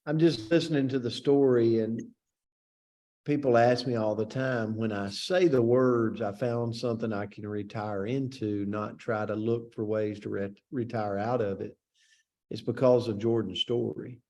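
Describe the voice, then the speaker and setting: A man's voice: mid-range voice, steady tone, moderate pace, warm tone. A man coaching a team on a video call, speaking in a reflective, earnest way. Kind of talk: motivational talk on a video call.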